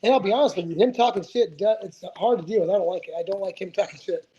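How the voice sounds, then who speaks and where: High-voiced fast-talking man telling stories. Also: warm tone, lo-fi sound. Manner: profane, rambling, many restarts. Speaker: guest, retired fighter. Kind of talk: casual storytelling interview.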